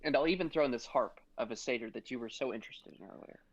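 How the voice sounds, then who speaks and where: A man chatting as a player in a tabletop game, hesitant and rambling with lots of fillers and restarts. He sits at an ordinary pitch, and his dull, lo-fi mic sounds dry and close. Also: fast talker, dry recording. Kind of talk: casual tabletop game chat.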